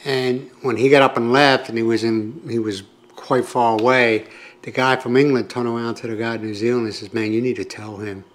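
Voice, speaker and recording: An older American man speaks at a medium pitch in a steady, slightly quick voice. He's a vlogger telling his audience a long, rambling story to camera, casual and full of asides.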